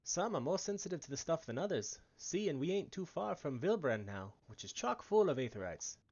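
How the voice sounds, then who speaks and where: A man's voice: fairly high pitch, very animated, fairly quick, a little mellow, highs cut off. A man voicing a chatty, folksy male merchant aboard a ship, reading game dialogue with a wobbly attempt at an Irish accent. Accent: attempted Irish, drifting. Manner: folksy, slangy, wavering accent.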